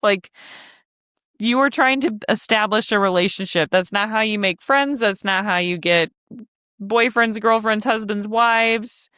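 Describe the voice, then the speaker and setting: A woman's voice: mid-range voice, a little slow, a bit bright, smooth, dry recording, clean studio sound. A woman hosting a casual teaching podcast for travel advisors, talking in a chatty, frank way with joking asides. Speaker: podcast host, travel agency coach.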